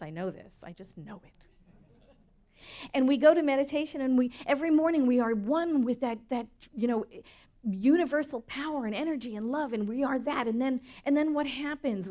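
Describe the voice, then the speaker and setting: A woman's voice: high-pitched, darkish tone. A middle-aged woman minister preaching a sermon in an earnest, storytelling way that rises for emphasis.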